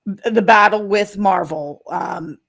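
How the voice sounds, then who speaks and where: A woman's voice: mid-range voice, unhurried, gravelly, fairly bright tone. A woman co-hosting a casual podcast chat, thinking aloud in questions. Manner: thoughtful, questioning. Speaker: podcast co-host.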